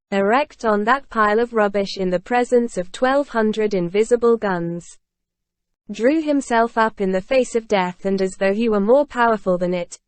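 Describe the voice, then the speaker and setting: Woman reading an old novel aloud, even steady delivery, mid-pitched, dry close sound. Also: dry recording. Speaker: audiobook reader. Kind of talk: scripted narration.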